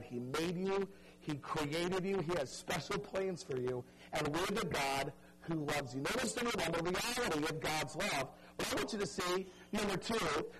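A man preaching a sermon, telling a story dramatically and pleading earnestly with his listeners, dropping soft and stretching key words for emphasis. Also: a little high, poor audio. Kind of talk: evangelistic sermon.

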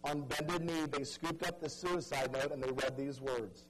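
A man preaching a sermon, telling a story dramatically and pleading earnestly with his listeners, dropping soft and stretching key words for emphasis. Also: a little high, little pitch movement, moderate pace, few pauses, a little hiss or hum, rough recording. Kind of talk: evangelistic sermon.

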